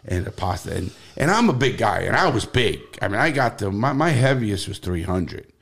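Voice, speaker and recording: Lively, profane New York man. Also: lowish voice, normal speed, gravelly. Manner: profane, animated, blunt. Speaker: podcast guest. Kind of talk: casual interview storytelling.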